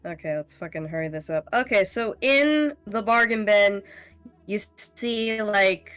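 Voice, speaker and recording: A woman's voice: medium pitch, a bit bright, clear, resonant tone, soft background music. A woman as dungeon master, improvising in a rush and swearing often. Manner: frantic, sweary, rushing to improvise. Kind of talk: running a tabletop game over voice chat.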